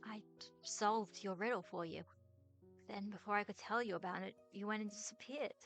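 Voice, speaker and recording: A woman's voice: mid-range voice, moderate pace, lightly acted. A woman reading aloud as a brash young man, incredulous and exasperated, over background music. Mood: earnest.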